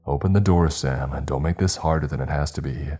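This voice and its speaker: A man's voice: extremely low pitch, fairly quick, mellow, slightly rough, soft background music. A man voicing a stern, insistent male doctor demanding to be let in.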